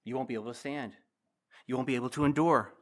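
A man's voice: mid-range voice, fairly even intonation, fast talker, fairly bright tone. A man preaching as a pastor, teaching verse by verse and asking the congregation direct questions.

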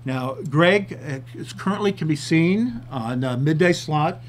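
A man's voice: a little high, animated, a little slow, a little hiss or hum. A man hosting his own TV talk show, chatting casually and a bit self-deprecatingly, sometimes out of breath. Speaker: TV show host.

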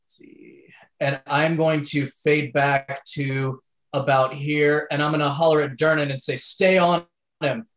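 A man's voice: a little high, unhurried, poor audio. Chill guy talking through his turn in a tabletop game, lots of ums and likes. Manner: relaxed, laid-back, lots of fillers. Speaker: player. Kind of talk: casual tabletop play.

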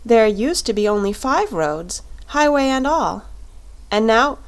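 A woman's voice: a little high, animated, measured pace. A woman voicing Dorothy, an earnest, puzzled little girl in a storybook reading, in a raised girlish tone. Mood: bewildered.

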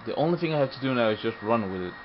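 A young man talks through his match live, his pitch leaping up and down as he gets worked up. He curses at the game in frustration. The sound is a little muffled, with a faint hum behind him. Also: very fast. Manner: excitable, frustrated, swearing at the game. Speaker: gamer. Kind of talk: live gameplay commentary.

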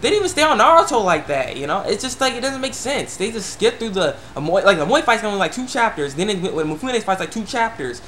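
A young man vlogging casually, rambling with frequent stammers and restarts, breaking into quick excited bursts. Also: high voice, slight background noise. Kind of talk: casual opinion rant to camera.

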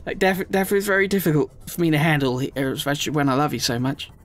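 A man giving chatty, emotional let's play commentary, often squealing up high in excitement. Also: fast talker, a little hiss or hum.

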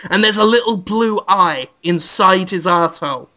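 Comic podcaster, high bright voice, keeps laughing at his own tale. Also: normal speed. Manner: giggly, absurd deadpan pitch. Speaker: podcast co-host. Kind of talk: comic storytelling.

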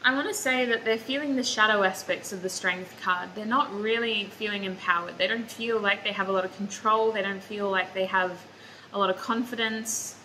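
A tired woman reads tarot cards aloud, chatting with her viewers like old friends and stopping now and then to say how sleepy she feels. Her voice is bright and forward, with a slight edge. A faint background hum sits behind her. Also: medium pitch, fairly even intonation, moderate pace, hardly any pauses, rough recording. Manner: chatty, drowsy, talks to viewers as "you guys". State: sleepy and foggy-headed. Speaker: tarot reader. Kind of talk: casual tarot reading to camera.

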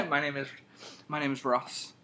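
A man's voice: on the high side, slow, sharp tone. A young man from England with an English accent, casually reading out words in a playful, teasing way for an accent challenge video. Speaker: video co-host.

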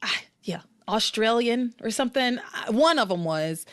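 A woman's voice: a little high, moderate pace. A woman hosting a podcast, recapping and ranting in casual chat with lots of restarts. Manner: animated, exasperated, rambling with restarts. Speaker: podcast host.

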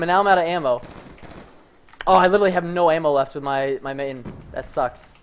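A man giving live commentary over his own gameplay, excitable and prone to yelling, with "fudge" in place of swear words. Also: fairly high pitch, fast talker, smooth. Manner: excitable, yells when hyped, says "fudge" instead of swearing. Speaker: gaming streamer.

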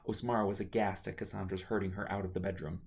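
A man reading his own novel aloud as a steady, measured audiobook narration. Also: deep voice, vocal fry.

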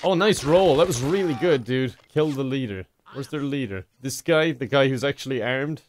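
A man's voice: medium pitch, normal speed, background noise. A man doing gameplay commentary in a sarcastic, joking way, often laughing. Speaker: gaming commentator.

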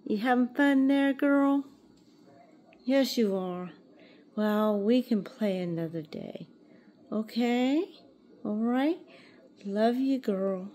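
A woman's voice: on the high side, takes it slowly, long pauses, warm tone. A woman cooing at her pet rabbit in sing-song baby talk, gasping with delight as she shows it toy eggs at home.

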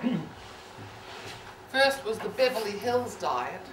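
A woman's voice: mid-range voice, sing-song, slow pace, slight background noise. A woman telling stories in a one-woman comedy show on a theatre stage, wry and self-mocking. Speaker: solo stage performer.

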